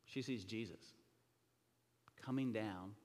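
Animated preacher man in a big echoing hall. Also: on the low side, slow pace. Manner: animated storyteller, acts out voices, swings from loud to whispers. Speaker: pastor. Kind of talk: sermon. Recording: long reverb of a large hall.

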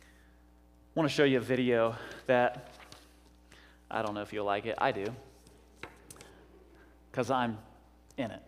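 A man's voice: medium pitch, fairly even intonation, measured pace, long pauses, big-room sound, a little hiss or hum. A man preaching a sermon as pastor, urgent and exhorting, with joking asides.

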